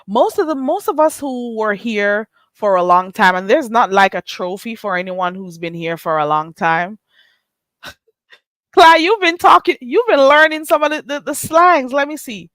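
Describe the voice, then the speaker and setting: A woman's voice: fairly high pitch, lively intonation, unhurried, a bit bright, no echo. Sarcastic woman live-streaming, dry sound. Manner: sarcastic and teasing, greets chat by name, laughs often. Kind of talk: casual live-stream chat.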